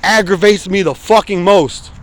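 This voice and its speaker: A man's voice: high voice, normal speed. Blunt, profane forty-something man walking outdoors. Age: 40s. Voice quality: frequent swearing, blunt and emphatic. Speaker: vlogger. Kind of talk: casual walking vlog rant. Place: outdoors on a city street, walking in the cold. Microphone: phone camera held while walking.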